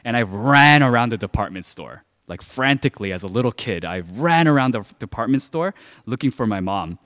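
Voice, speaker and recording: Here a pastor tells his sermon as a personal story, chatty and packed with "like" and other fillers. His voice sits at medium pitch, animated, a little fast, and a bit bright. Long hall reverb colors the sound.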